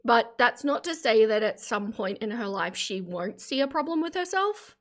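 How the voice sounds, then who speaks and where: A woman's voice: fairly high pitch, expressive, normal speed. Woman host, thirties, chatty reaction-stream commentary. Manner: chatty, opinionated, thanks viewers warmly. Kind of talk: casual commentary livestream.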